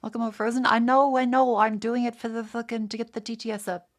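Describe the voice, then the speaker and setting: A woman's voice: on the high side, little pitch movement, fast. A woman with an Australian accent, chatting casually on a livestream and swearing freely. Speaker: streamer.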